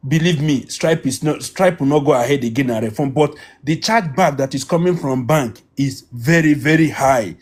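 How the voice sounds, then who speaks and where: A man makes an urgent appeal as a livestream guest, pleading and insistent. His voice is slightly raised in pitch and has a husky, breathy grain. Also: moderate pace, few pauses.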